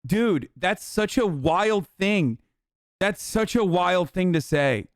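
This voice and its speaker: A man's voice: high-pitched, takes it slowly, no room sound, studio quality. A man streaming, giving casual, profane, incredulous commentary on a video. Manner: profane, incredulous, animated rants. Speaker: streamer reacting to a documentary.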